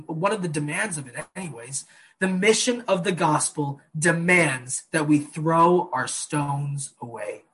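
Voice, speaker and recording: A man preaching a sermon, earnest, slowing down and dropping soft on key phrases. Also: fairly high pitch. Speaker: pastor.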